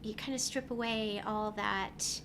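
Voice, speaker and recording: A woman's voice: mid-range voice, fairly even intonation, measured pace, a little hiss or hum. A woman voice actress chatting as an interview guest, telling stories with lots of ums. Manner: chatty, warm storytelling with many fillers. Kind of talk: casual interview chat. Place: convention venue.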